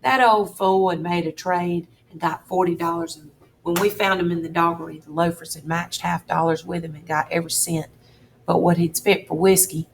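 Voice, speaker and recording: Woman doing a scheming middle-aged con man, drawling, bossy, lower voice, faint hiss. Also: steady tone, moderate pace, vocal fry.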